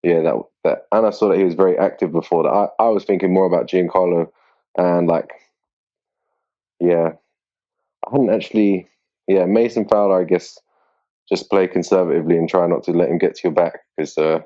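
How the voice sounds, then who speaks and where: A man being interviewed as a grappling competitor, talking in a relaxed, rambling way with lots of fillers. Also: low voice, brisk. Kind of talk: casual interview chat. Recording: dull lo-fi sound.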